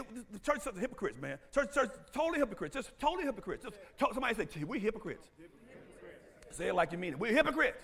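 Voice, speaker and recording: A pastor with a very high-pitched voice preaches a sermon in an animated, playful way. He teases, laughs often, calls out to the congregation, and bursts into shouts.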